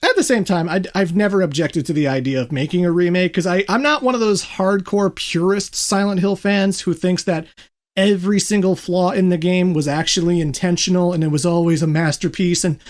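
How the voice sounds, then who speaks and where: A podcast host in casual gaming chat, jokey and quick to laugh. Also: mid-range voice.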